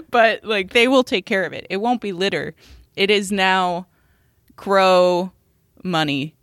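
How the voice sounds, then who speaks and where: A woman's voice: mid-range voice, takes it slowly, a bit bright, dry recording, clean studio sound. A woman co-hosting a podcast in casual chat, playful and laughing often. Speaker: podcast co-host.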